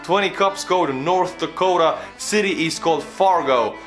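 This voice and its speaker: An Estonian man with an Estonian accent, a native Estonian speaker, giving animated, casual reaction commentary in English. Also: on the high side, normal speed, soft background music. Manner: animated, exclaiming, laughing. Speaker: YouTuber reacting to a video.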